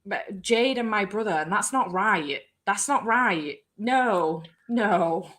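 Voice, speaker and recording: Woman host, bright, tense voice, animated, laughs often, casual chat. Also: mid-range voice, slow. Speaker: booktube host.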